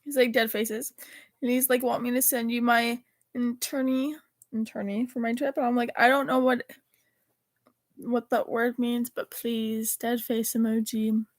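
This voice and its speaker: A woman's voice: a little high, flat delivery, measured pace, no room sound. A teenage girl chatting casually, rambling and correcting herself as she reads old text messages aloud. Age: teens. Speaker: vlogger. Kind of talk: casual chat reading texts aloud.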